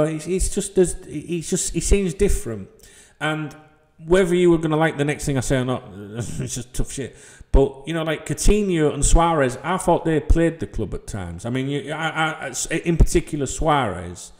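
A man's voice: medium pitch, normal speed, darkish tone. Sweary ranting football vlogger man. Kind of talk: ranting vlog to subscribers. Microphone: desk microphone.

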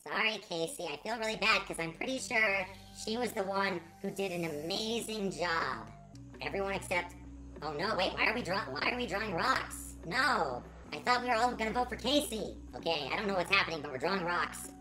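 A woman's voice: mid-range voice, expressive, a little fast, music in the background, poor audio. A woman hosting a let's play, commenting with theatrical, melodramatic mock outrage. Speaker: gaming channel host.

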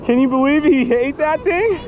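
Excitable high-voiced man on a windy beach. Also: normal speed, lo-fi sound. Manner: excitable, exclaiming. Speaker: vlogger fishing. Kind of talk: casual vlog narration. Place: outdoors on a beach by the surf. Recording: wind noise over the mic.

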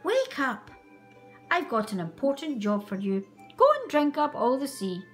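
A woman voicing an angry little female sparrow with shrill, demanding lines. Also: expressive, normal speed, a little mellow, soft background music, natural voice. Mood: furious.

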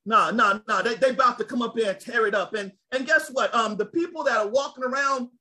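A man preaching a sermon, lively and conversational, calling out to his listeners. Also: very high voice, a little fast, poor audio. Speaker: pastor.

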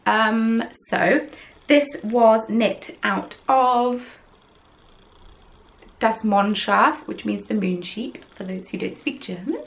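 A woman's voice: on the high side, slow, gravelly, hardly any pauses, rough recording. A woman hosting a podcast, chatting casually and rambling with self-deprecating asides, recorded at home on camera. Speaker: podcast host. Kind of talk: casual chat.

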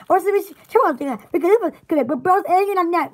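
Giggly high-voiced woman. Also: expressive, a little fast, hardly any pauses, darkish tone. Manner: giggly, rambling, chatty with viewers. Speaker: store owner. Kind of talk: casual live stream chat.

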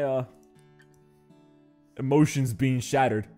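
A man chatting his way through a game, joking and acting mock-angry at his in-game workers. His voice sits at an ordinary pitch, and faint guitar music plays underneath. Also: lively intonation, normal speed, pauses often, mellow. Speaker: gaming channel host. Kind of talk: casual let's-play commentary.

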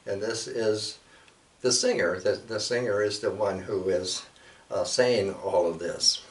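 A man hosting a radio show who reads a translated poem in a slow, measured, slightly hesitant way. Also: lowish voice, fairly even intonation, echoey room, recorded from a distance. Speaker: radio host. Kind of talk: poetry reading.

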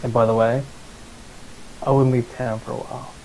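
Deadpan man playing his character. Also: medium pitch, moderate pace, a little hiss or hum, poor audio. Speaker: player. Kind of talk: casual role-play.

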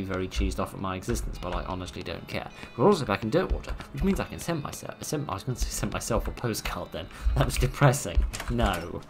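A man's voice: on the low side, gravelly. A man hosting a let's play, reading out game text and making wry, muttered jokes.

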